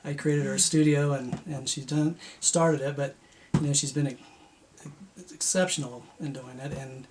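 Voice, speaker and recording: A man in his forties, soft-spoken and hesitant, answering questions as a guest beside his wife. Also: mid-range voice, steady tone, normal speed, slight background noise. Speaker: guest, host's husband. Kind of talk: casual interview answers.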